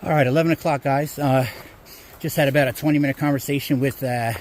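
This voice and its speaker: A man's voice: medium pitch, steady tone, quick pace, a little mellow, slight background noise. A man filming a casual trail vlog outdoors, chatting in a rambling way with lots of fillers. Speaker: hiker vlogger.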